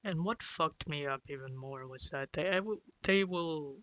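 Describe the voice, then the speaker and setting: A young man tells a personal story in a close, dry recording, circling back with restarts and "you know"s. His voice sits a little high and sounds bright and tense. He speaks haltingly and confessionally. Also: no echo, dull audio. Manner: sighs and breaks down into whispers at emotional moments. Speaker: vlogger.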